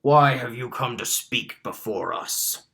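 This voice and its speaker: A man voicing a stern male minotaur pirate captain, speaking slowly and imposingly. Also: mid-range voice, lively intonation, vocal fry, sharp tone, full character voice.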